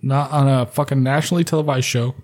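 A man's voice: medium pitch, steady tone, fast, a little mellow. A man hosting a podcast in casual chat, ranting and swearing freely. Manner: profane, ranting. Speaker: podcast host.

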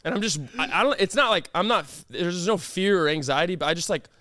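A young man with a high voice co-hosts a podcast in easygoing banter. He teases his friend and laughs often. The sound is dry and close, with no room around it. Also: expressive, pushed and bright, dry recording. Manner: joking, teasing, quick to laugh. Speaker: podcast co-host. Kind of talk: casual chat.

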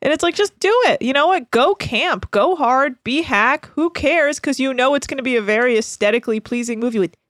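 A woman co-hosting a podcast in an animated, playful chat, often laughing. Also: high-pitched, fairly quick, hardly any pauses, no echo, studio quality. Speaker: podcast co-host and producer. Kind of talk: casual chat.

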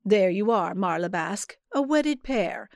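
Woman doing a rowdy jeering sailor, loud and mocking, storybook. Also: medium pitch, lively intonation, a little slow, dry recording, studio quality. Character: rough jeering male sailor.

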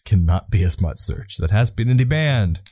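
A man's voice: lowish voice, expressive, brisk, dark tone, breathy edge, dry recording, clean studio sound. A man co-hosting a casual podcast, laughing often and blurting out swears. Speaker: podcast co-host.

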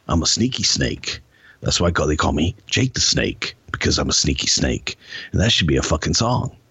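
Man impersonating a male wrestler, low, slow, menacing, sly, lo-fi dry sound. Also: vocal fry, pushed and bright, breathy edge, no room sound, heavily acted. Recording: dry muffled lo-fi recording.

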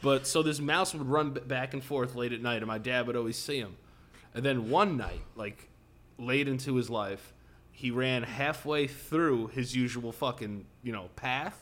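A man's voice: medium pitch, measured pace, fairly bright tone. A young man co-hosting a podcast, chatting casually with loose, profane jokes. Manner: loose, profane, jokey banter. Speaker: podcast co-host. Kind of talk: casual chat.

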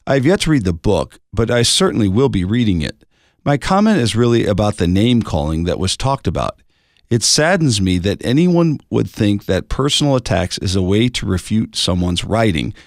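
Male radio co-host, lower voice, measured reading of listener mail, dry studio sound. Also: dry recording. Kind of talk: reading listener emails on air.

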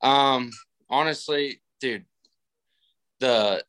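A man in his twenties, the guest on a casual podcast, telling stories in a laid-back way and acting out quoted people in a higher voice. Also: drawn-out words, a bit bright, clean tone. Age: 20s. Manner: laid-back storytelling, acts out quotes with raised pitch.

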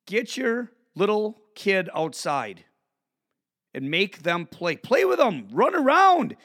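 A man with a fairly high voice rants into his podcast mic, swearing freely. His pitch leaps all over the place, dropping to low grumbles and then jumping up into shouts. He sounds like a worked-up host sounding off to his listeners. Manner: animated, profane, swings from mutters to shouts. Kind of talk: ranting monologue.

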